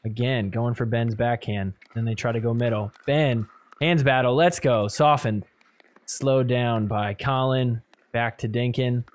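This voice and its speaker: A man hosting a podcast, giving animated play-by-play commentary over match replays and laughing often. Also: mid-range voice, unhurried. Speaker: podcast host. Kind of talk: excited sports recap commentary.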